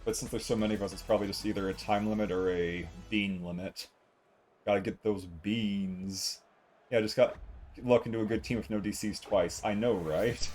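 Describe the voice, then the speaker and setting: A man's voice: lowish voice, fairly even intonation, moderate pace, darkish tone, faint music behind. A man giving casual live gameplay commentary as a streamer, playful and self-mocking as he chats. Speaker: game streamer.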